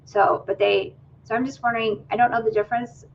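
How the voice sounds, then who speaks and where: A woman's voice: fairly high pitch, fairly even intonation, a little fast, gravelly, lo-fi sound, slight background noise. A woman hosting a fundraiser livestream, curiously asking her guest questions over a video call. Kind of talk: livestream interview.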